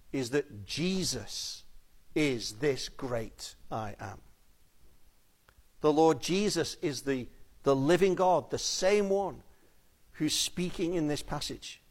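A man preaching a sermon in an earnest, pleading way, often dropping to a soft, intense tone on key phrases. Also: fairly high pitch.

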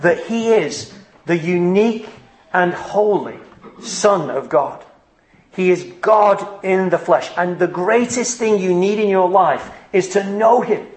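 Male preacher, higher register, pleading sermon delivery, reverberant room. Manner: pleading and earnest, rising to fervent questions. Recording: echoey room.

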